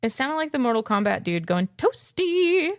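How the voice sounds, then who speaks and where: A woman trades blunt, playful banter as a podcast co-host. Her voice sits at a middle pitch. It is recorded dry and close. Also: animated, quick pace, dry recording. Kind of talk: casual chat.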